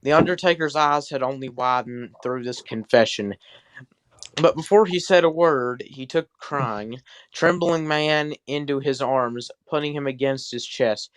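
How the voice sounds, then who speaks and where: A man's voice: mid-range voice, measured pace, a bit bright, smooth, no room sound. A man hosting a comedy podcast, reading fan fiction aloud with sarcastic, swearing asides. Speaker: podcast host.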